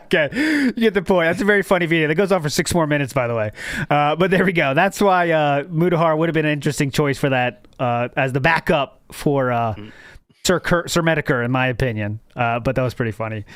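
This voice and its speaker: A man's voice: fairly high pitch, brisk, a bit bright, dry recording. A man hosting a casual podcast, rambling and correcting himself as he talks. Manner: rambling, self-correcting, laughs at own jokes. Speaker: podcast host.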